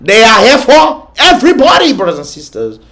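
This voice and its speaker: A man's voice: very high-pitched, wildly swooping pitch, brisk, fairly bright tone. A man hosting a reaction vlog, scolding and mocking with frequent laughter. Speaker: vlog host reacting to videos. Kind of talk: reaction commentary.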